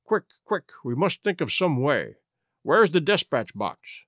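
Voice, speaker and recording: Firm, measured Victorian detective with a lively delivery, voiced by a male narrator. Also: a little high, no echo, clean studio sound. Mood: urgent. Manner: firm, measured, brisk when urgent. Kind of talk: audiobook reading.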